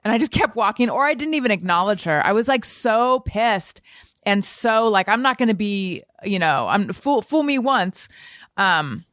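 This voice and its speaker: Woman podcast host, lively storyteller, self-mocking, dry close sound. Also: mid-range voice, normal speed, dry recording. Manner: self-deprecating, animated storytelling. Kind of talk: casual chat.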